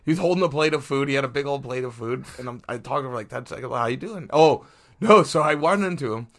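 A man's voice: medium pitch, lively intonation, quick pace, a bit bright. Rambling male sports podcast co-host. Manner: rambling, many fillers and restarts. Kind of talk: casual sports chat.

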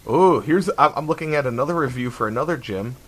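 A man's voice: mid-range voice, animated, quick pace, a bit bright, breathy edge, low-quality recording. A man co-hosting a podcast, chatting casually and reading online reviews aloud in a laid-back way. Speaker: podcast co-host. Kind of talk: casual chat.

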